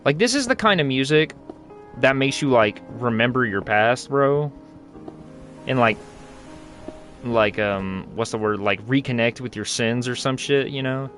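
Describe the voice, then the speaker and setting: A man's voice: medium pitch, animated, unhurried, pauses often, a bit bright. A young man casually commenting while playing a game, rambling, slangy and joking. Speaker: gaming channel host. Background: game music.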